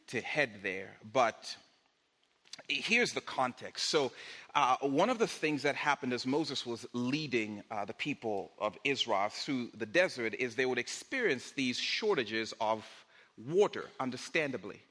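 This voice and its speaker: A man's voice: mid-range voice, sharp tone, long reverb tail. A male pastor preaching a sermon in a conversational way, with fillers.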